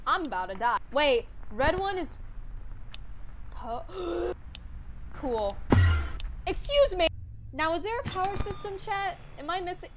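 Panicky high-voiced woman streamer. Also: very animated, unhurried, long pauses, background noise. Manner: panicky, swearing, repeats herself under stress. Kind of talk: live gameplay reaction.

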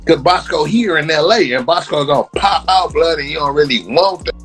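A man's voice: on the high side, expressive, a little fast, fairly bright tone, soft background music. A man ranting on a livestream, heated, repetitive and mocking.

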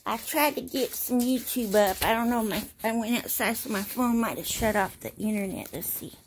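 A woman's voice: on the high side, moderate pace, a little hiss or hum. A young woman chatting casually to a viewer at home, playful and cooing at her pets. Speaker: vlogger. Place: home indoors.

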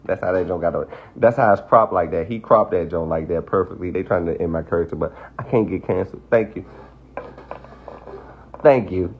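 A man's voice: low-pitched, brisk, lo-fi sound, slight background noise. A man delivering a defiant, profane livestream rant, repeating himself as he dismisses the people criticizing him. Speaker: social media personality.

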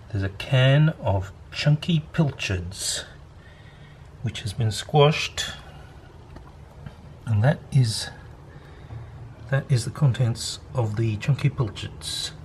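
An Australian man, an amateur astronomer, rambling through a casual vlog with deadpan humor. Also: fairly low pitch, takes it slowly, pauses often, slight background noise.

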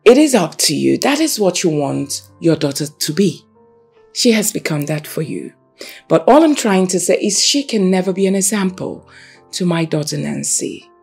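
A woman's voice: fairly low pitch, sing-song, moderate pace, gravelly, darkish tone, breathy edge, soft background music, exaggerated voice. An actress with a Nigerian accent playing a strict middle-aged mother, lecturing in a firm voice. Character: strict middle-aged mother set on her daughter's career.

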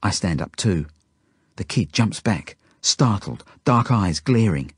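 A man reading a children's novel aloud in the first person, expressive and sometimes dropping to hushed tones. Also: on the low side, normal speed, husky, no room sound, studio quality. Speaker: audiobook reader. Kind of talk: first-person storybook narration.

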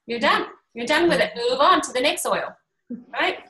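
A woman's voice: high-pitched, moderate pace, slight background noise. A middle-aged woman, an energy healer, chatting to a small group and acting out quoted voices as she tells stories. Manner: animated storytelling, acts out quoted voices. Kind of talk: casual workshop chat. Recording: roomy echo.

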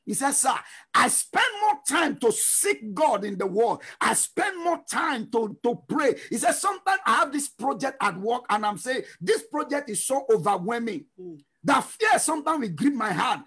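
A middle-aged man preaching a fervent sermon, shouting refrains and breaking into sung lines. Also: very high-pitched, sing-song, moderate pace, husky. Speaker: pastor.

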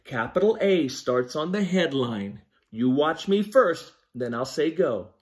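A man teaching young children to write letters, giving slow, patient step-by-step instructions. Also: a little high, sing-song. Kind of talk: children's handwriting lesson.

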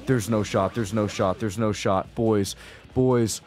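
A man's voice: fairly low pitch, fairly even intonation, unhurried, a little mellow. A young man giving casual, profane gameplay commentary as a video creator, rambling and frustrated, dropping to mutters and then bursting out. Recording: faint game music behind.

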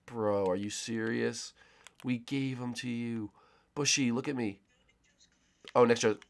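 Excitable young man narrating gameplay. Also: medium pitch, a little slow, gravelly, a little hiss or hum. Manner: excitable, jokey, talks to friends and viewers. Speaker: gaming channel host. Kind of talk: live Minecraft gameplay commentary.

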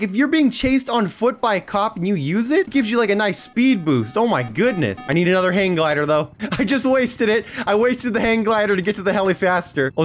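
A man giving excitable Let's Play commentary as a gaming YouTuber, full of quick exclamations. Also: high voice.

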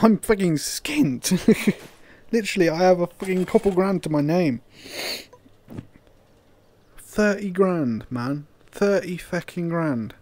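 Swearing gamer, lively pitch. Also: male voice. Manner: swears a lot, laughs, gets loud and disbelieving. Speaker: gaming YouTuber. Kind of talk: casual gameplay commentary.

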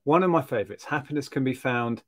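A man's voice: mid-range voice, lively intonation, quick pace, fairly bright tone. A man co-hosting a casual live-stream chat, reading comments and joking. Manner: jokey, sings snatches of songs. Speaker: co-host.

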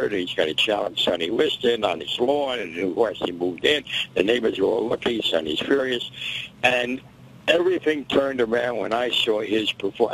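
An older man, a boxing historian, telling stories in an interview and acting out the quotes with animated energy. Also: on the low side, gravelly, slight background noise, poor audio. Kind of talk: interview storytelling.

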